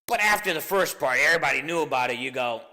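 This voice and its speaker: A man co-hosting a podcast, telling stories in a rambling, profane, animated way and often laughing. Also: a little high, racing. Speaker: podcast co-host. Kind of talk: casual comedic chat.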